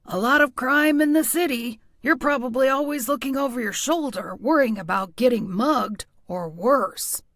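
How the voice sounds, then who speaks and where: A woman's voice: high-pitched, normal speed, few pauses, a bit bright, dry recording, studio quality. A woman doing a folksy older police chief. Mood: probing. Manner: folksy, probing questions. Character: genial older male small-town police chief. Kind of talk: audiobook character voice.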